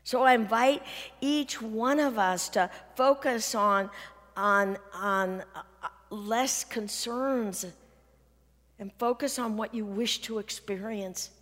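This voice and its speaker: A woman's voice: on the high side, takes it slowly, fairly bright tone. Woman preaching in an echoing hall. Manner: earnest storytelling, quotes others, drops to near-whisper at emotional points. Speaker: minister. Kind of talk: sermon. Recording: long hall reverb.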